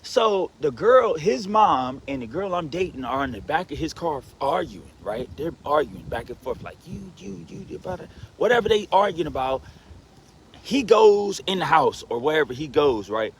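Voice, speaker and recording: A man rambling through a personal story with a lively voice that leaps around. His pitch sits a bit high for a man, and he swings from low mutters to excited bursts. A faint background noise runs under him. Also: normal speed. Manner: rambling, frequent "you know what I'm saying" and "right?" fillers. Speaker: vlogger telling a personal story. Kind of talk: casual storytelling monologue.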